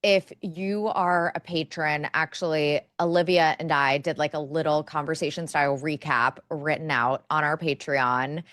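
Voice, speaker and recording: A young woman co-hosts a podcast in a loose, chatty way, wandering through her thoughts with plenty of filler words. Her voice sits a little low. The sound is dry and close, with no room around it. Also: fairly even intonation, normal speed, hardly any pauses, a bit bright, dry recording. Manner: chatty, rambling, lots of fillers. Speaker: podcast co-host. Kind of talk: casual chat.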